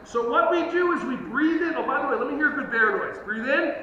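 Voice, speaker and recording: A man leading a live fitness workshop for teachers, energetic and joking as he coaches the group through movements. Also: very high-pitched, fast talker. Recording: echoey hall, distant lo-fi mic, noisy.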